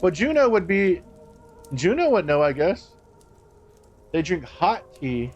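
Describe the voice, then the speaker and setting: A man's voice: high voice, very animated, unhurried, a little mellow, dull audio, soft background music. A man streaming a game live, chatting casually, swearing and laughing as he banters with his chat. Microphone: streaming microphone.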